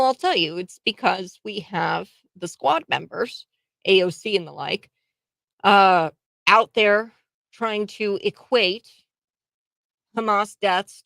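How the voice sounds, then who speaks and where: A woman's voice: fairly low pitch, gravelly, a bit bright, no room sound. A woman from the United States hosting political commentary, talking in an emphatic, indignant way with frequent fillers and restarts. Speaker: host.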